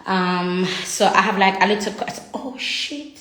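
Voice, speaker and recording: A woman's voice: mid-range voice, unhurried, fairly bright tone. A young woman, chatting casually on a livestream and reading viewer comments aloud from her home. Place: home room. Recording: echoey room.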